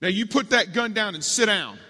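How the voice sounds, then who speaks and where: A man's voice: expressive, fairly quick, bright, forceful tone, heavily acted. A man voicing a firm, loving elderly Christian grandmother who lays down the law, in a large hall with long reverb. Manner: firm, commanding, raised pitch.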